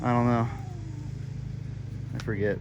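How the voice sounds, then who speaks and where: A laid-back man talks easily to his viewers, pitch sitting in a middle range. He is outdoors, with faint background noise under his voice. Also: flat delivery, slow pace, highs cut off. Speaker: farm vlogger. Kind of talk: casual vlog chat. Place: outdoors on a farm.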